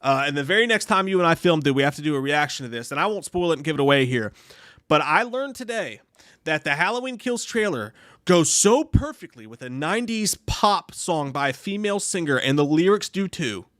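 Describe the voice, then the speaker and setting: A man's voice: a little high, expressive, a little fast, fairly bright tone, dry recording, studio quality. A man co-hosting a casual live stream, rambling and swearing as he reads viewer comments. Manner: profane, rambling, lots of restarts. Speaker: podcast co-host reading live chat.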